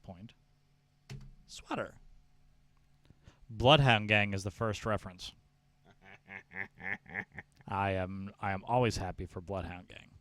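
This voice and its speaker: A man's voice: lowish voice, slow pace, long pauses, fairly bright tone. A man co-hosting a comedy podcast, rambling and laughing through casual banter. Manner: giggly, rambling, puts on mock Southern drawl. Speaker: podcast co-host.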